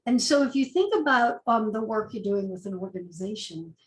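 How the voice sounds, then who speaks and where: A woman's voice: mid-range voice, lively intonation, fairly quick, reverberant, poor audio. A woman, an agile coach, giving a conversational talk with rhetorical questions. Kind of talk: presentation talk.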